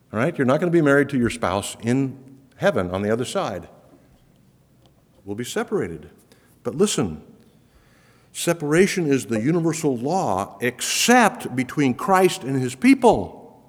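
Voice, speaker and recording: A man delivers a sermon in a middle-pitched, earnest voice that swells with emphasis on key phrases. His words ring out with a long reverb tail, as in a large church hall. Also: very animated, measured pace, pauses often, slightly rough. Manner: earnest, emphatic, rising for repeated promises. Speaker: preacher.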